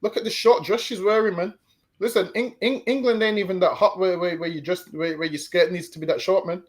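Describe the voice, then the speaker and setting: A man's voice: high voice, steady tone, fairly quick. A man hosting a live stream show, chatting casually and often stammering and repeating words. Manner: stammering repetitions, easygoing.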